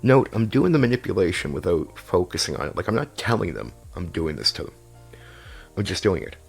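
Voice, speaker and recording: A man with a very low, gravelly voice talks through tabletop role-play advice. He is emphatic and repeats his points, swearing now and then. His voice is husky, with faint music underneath. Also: sing-song, brisk. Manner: emphatic and repetitive, swears casually. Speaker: game master giving player advice. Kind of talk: casual advice talk.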